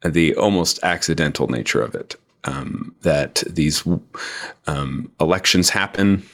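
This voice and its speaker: A man in his forties, an author guest in an interview, talking slowly and deliberately with many fillers. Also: a bass voice, animated, vocal fry, fairly bright tone. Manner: slow, deliberate, with frequent fillers. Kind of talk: interview discussion.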